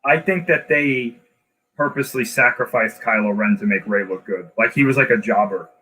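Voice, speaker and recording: A man's voice: mid-range voice, normal speed, crowd noise, low-quality recording. A man in casual chat, arguing his point and explaining at length.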